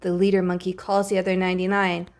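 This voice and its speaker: A woman reading a picture book aloud, playful and expressive, dropping to hushes for effect. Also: lowish voice, fast talker. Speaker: storybook reader.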